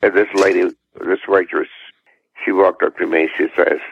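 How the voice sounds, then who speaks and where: A man's voice: deep voice, slow pace, vocal fry, pauses often, husky, dry recording. An older man from the American South, a singer chatting in a radio interview, laughing often and repeating himself. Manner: laughs often, repeats words, warm down-home talk. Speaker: guest singer. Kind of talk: relaxed interview chat. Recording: dull muffled radio recording.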